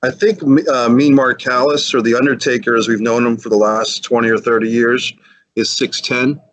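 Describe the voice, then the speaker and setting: A man's voice: mid-range voice, level tone, normal speed, fairly bright tone, a little hiss or hum, rough recording. A man co-hosting a podcast, asking long, detailed questions of a guest. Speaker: podcast co-host. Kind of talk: interview questions.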